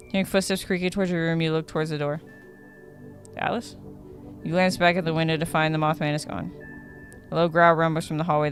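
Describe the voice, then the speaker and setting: Woman streamer with a slightly low voice reading a dating sim aloud, casual and prone to stumbling, faint game music underneath. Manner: reads in a casual tone, stumbles and corrects herself.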